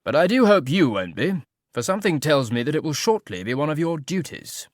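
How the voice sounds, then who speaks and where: A man's voice: a little high, sing-song, a little fast, no room sound, studio quality, voice pushed up. A man reading an audiobook voices an idle, teasingly ironic aristocratic marquis who talks in a mock-mournful drawl.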